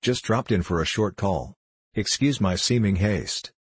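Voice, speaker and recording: A man reading the part of a calm, kindly shaggy wanderer in a storybook, unhurried and gentle. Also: fairly low pitch, slightly rough.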